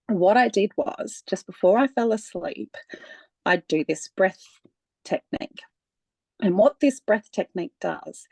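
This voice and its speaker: A woman speaking as a guest in a relaxed, conversational personal account, with frequent laughs and many fillers. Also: medium pitch, creaky, no room sound.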